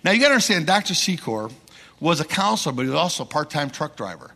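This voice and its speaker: High, bright-voiced preacher in a hall. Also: male voice, quick pace, vocal fry. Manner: animated storyteller acting out quoted people. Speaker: missionary preacher. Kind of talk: sermon with storytelling. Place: church sanctuary. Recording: long reverb in a large hall.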